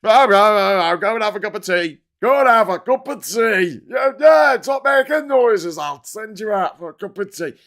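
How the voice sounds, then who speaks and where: A man with a Liverpool accent putting on a harried male parliamentary speaker, loud and exasperated, trying to call a noisy chamber to order. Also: sits high, expressive, moderate pace, few pauses. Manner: loud, exasperated, shouting over the room.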